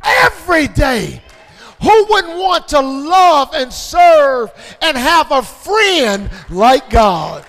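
A male pastor preaching a sermon, shouting out call-and-response lines in a sing-song cadence. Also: very high voice, very animated, drawn-out words, hardly any pauses, big-room sound, some chatter behind. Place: church.

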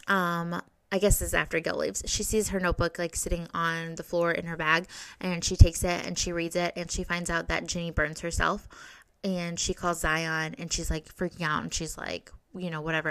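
A woman's voice: on the low side, creaky, fairly bright tone, no room sound, low-quality recording. A young adult woman recapping a TV series in a chatty, gushing way, full of likes and ums. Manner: chatty, filler-heavy, gushing. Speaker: podcast host recapping a TV series. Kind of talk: casual recap chat.

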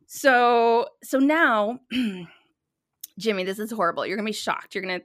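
A talkative woman in her thirties co-hosts a casual chat, full of laughs and quick asides. Her voice sits a little high, and the recording is close and dry. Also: fairly bright tone, dry recording. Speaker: podcast co-host.

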